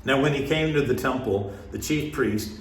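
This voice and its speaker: A man's voice: medium pitch, far from the mic. Man reading scripture aloud in a roomy space. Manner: measured, steady reading pace with pauses between phrases. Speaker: scripture reader. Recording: roomy echo.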